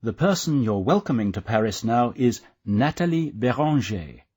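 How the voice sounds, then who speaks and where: A man narrating a language course, guiding the listener with steady, scripted explanations. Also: medium pitch, moderate pace, slightly rough.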